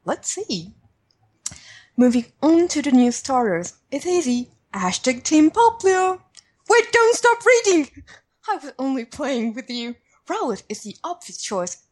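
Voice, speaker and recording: An eager thirty-something London fan as a woman puts on a wobbly British accent reads an email aloud. The voice is fairly high and breathy, with lively leaps up and down in pitch. The delivery is playful and bouncy. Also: full character voice. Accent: attempted British. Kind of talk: reading a listener email aloud.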